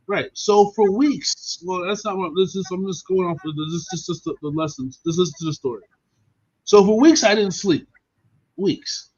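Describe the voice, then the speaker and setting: A man hosting a podcast, telling stories in a casual, animated and profane way. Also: sits high, normal speed. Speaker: podcast host. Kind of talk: casual storytelling chat. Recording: dull lo-fi stream audio.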